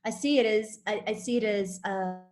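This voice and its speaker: A woman guest in a spiritual conversation, speaking in halting, searching phrases and often repeating words as she finds them. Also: medium pitch, steady tone, a little mellow.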